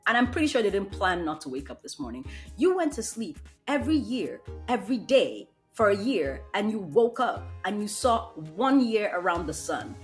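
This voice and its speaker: A woman's voice: medium pitch, very animated, normal speed, faint music behind. Blunt, emphatic woman podcast host. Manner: emphatic, blunt motivational pep talk. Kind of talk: casual solo podcast talk.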